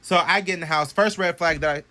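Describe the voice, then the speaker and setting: A young man casually telling a story to his phone camera at home, animated and profane, swinging from loud bursts to hushed asides. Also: high-pitched, a little fast. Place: bedroom at home.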